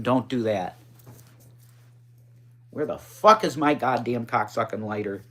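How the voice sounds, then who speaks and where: Speaking directly into his phone during a relaxed livestream, this host responds to viewer comments a little slowly, pausing often. Blunt and heavy on swearing, he has a middle-pitched voice that rises when excitement takes over.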